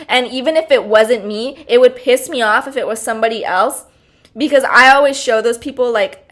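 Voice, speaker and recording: A young woman with a voice on the high side and a fairly bright tone hosts a podcast at a moderate pace. She's chatty, bubbly, frank, and fired-up, full of fillers and laughing often.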